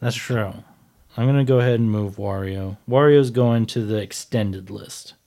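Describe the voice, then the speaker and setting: A man's voice: fairly low pitch, moderate pace, vocal fry, mellow. Laid-back American man, casual podcast host. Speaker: podcast co-host running the soundboard.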